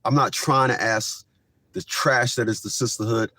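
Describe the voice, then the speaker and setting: A man's voice: medium pitch, moderate pace. Ranting male commentary host. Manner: animated, rising to shouts when worked up. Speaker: commentary host reacting to clips.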